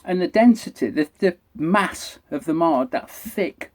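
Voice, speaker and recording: A man's voice: fairly high pitch, lively intonation, unhurried. A middle-aged British man, the host, giving a chatty, enthusiastic product review and swearing freely. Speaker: vape reviewer. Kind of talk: casual product review vlog.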